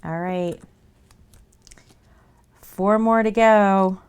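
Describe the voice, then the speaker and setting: A woman streams from her desk at home, chatting loosely with her viewers as she works on crafts. Her voice sits at an ordinary middle pitch. She laughs often and breaks off to talk to her dog. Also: fairly even intonation, drawn-out words, a little mellow, a little hiss or hum. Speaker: streamer making her own merch. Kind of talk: casual live-stream chat while crafting.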